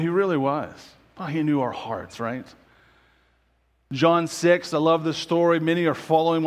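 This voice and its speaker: Higher-voiced man preaching a conversational sermon. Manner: conversational preaching with frequent rhetorical "right?" questions; quotes scripture slowly and deliberately. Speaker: pastor.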